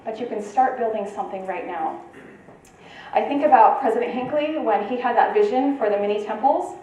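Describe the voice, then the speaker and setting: A woman's voice: a little high, a little fast, warm tone, slight background noise. Woman speaking in a very echoey room. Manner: conversational, checks in with the audience. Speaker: conference presenter. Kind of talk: informal talk to a live audience. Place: meeting room at a retreat. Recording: very echoey room, voice from far off, faint ambience.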